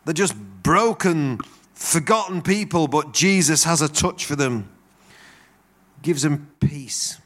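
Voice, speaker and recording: Lively preacher telling stories. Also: male voice, a little high, takes it slowly. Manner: animated storytelling with acted-out quotes. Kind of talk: sermon.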